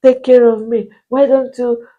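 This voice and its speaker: A woman's voice: fairly high pitch, little pitch movement, measured pace, phone-quality sound, close to an everyday voice. A woman voicing a tearful wife begging her husband, wailing one question after another. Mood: pleading.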